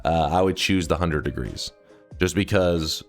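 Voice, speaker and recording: A low-voiced man in his thirties, talking live to his stream in a loose, rambling way. He swears freely and now and then bursts out loudly at his chat. Faint music plays behind him. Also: unhurried. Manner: rambling and profane, with sudden loud outbursts. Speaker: livestreamer.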